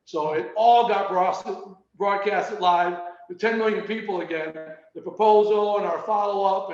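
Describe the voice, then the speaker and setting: A man casually telling a personal story on a video call, animated and repeating words as he goes. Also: sits high. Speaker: meeting participant. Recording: roomy, muffled video call audio.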